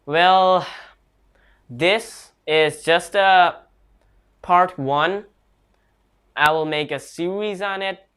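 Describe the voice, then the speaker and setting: The English teacher's voice is high, fairly bright, clear and resonant as he runs a casual online lesson. His speech is slow and tentative, with frequent restarts and non-native grammar.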